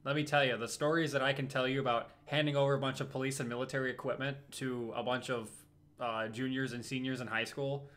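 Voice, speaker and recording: A young man chatting on a livestream, telling anecdotes in a relaxed way with some hesitations. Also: mid-range voice, fast. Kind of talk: casual livestream chat.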